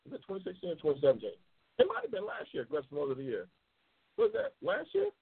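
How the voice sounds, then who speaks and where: A talk show host from New York City talks loud and passionate, swears heavily, and reads out viewer comments on a live show. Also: male voice, on the high side, huge pitch swings, fast, creaky, husky. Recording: tinny phone-like audio.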